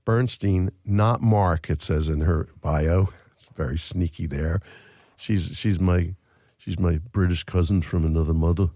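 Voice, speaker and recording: Deep, dark-voiced host. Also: male voice, a little slow, no echo, studio quality. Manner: chatty, filler-heavy, joking. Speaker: podcast host. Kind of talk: casual interview hosting. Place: studio.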